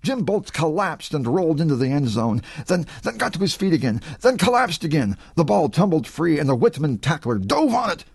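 Expressive man narrating a thriller audiobook. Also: on the high side, fairly quick, gravelly, hardly any pauses, breathy edge, no room sound. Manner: expressive, voices characters. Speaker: author narrating his own audiobook.

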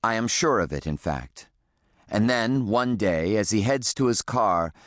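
A man reading an audiobook in the first person, with measured, reflective storytelling. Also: on the low side, dry recording, studio quality. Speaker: audiobook narrator.

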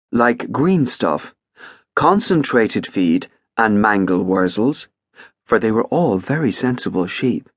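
A man narrating an audiobook in an expressive, wry storytelling manner. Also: mid-range voice, dry recording, studio quality. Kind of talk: scripted narration.

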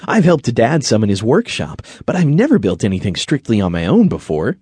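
A man voicing a thoughtful, polite young boy in an audiobook, sounding bright and sensible. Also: medium pitch, very animated, a little fast, husky, dry recording. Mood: pleased. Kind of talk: audiobook character voice.

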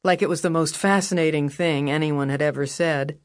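A woman reading a crime novel aloud as audiobook narrator, measured and wry. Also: sits low, fairly even intonation, no room sound, studio quality. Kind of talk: scripted narration. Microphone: close studio mic.

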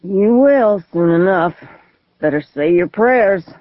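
Lady doing a drunk crazy lawyer guy, slow mocking drawl, tinny lo-fi sound. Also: medium pitch, animated, no room sound. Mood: taunting. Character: drunk suicidal middle-aged male lawyer, unhinged. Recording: tinny phone-like, dry audio.

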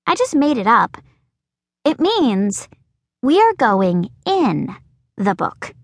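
A woman voicing an excitable, dramatic young girl who talks in a shrill, breathless way. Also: takes it slowly, no echo, studio quality, heavily acted. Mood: eager.

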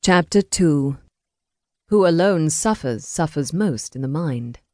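A woman's voice: low-pitched, lively intonation, slow pace, a little mellow, dry recording. Woman narrating an audiobook, dry close sound. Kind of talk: scripted narration of a historical romance.

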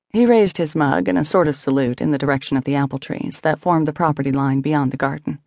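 A woman reading a contemporary novel aloud as audiobook narrator, in a measured, intimate storytelling manner. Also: sits low, creaky, darkish tone, no echo. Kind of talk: scripted narration.

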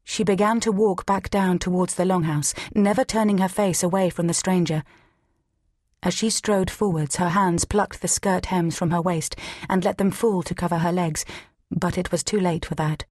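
Husky woman narrating an audiobook. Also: on the low side, fairly even intonation, moderate pace, a little mellow, no echo, studio quality. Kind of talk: scripted narration.

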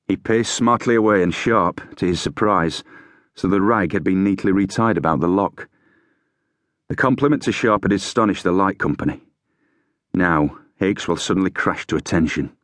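This is a man narrating an audiobook from a script, reading in a steady, measured way. His voice sits low, and the studio recording is clean with no echo.

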